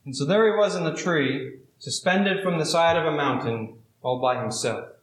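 A man preaching a sermon, reading scripture and then telling a story in a measured, drawn-out way with dramatic pauses. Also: fairly high pitch, a bit bright, echoey room, rough recording. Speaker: pastor.

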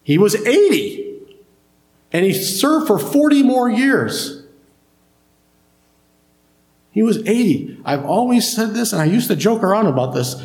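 A man's voice: high-pitched, sing-song, measured pace, long pauses, darkish tone, reverberant. Man preaching a conversational sermon. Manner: conversational preaching, asks the congregation questions. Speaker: pastor.

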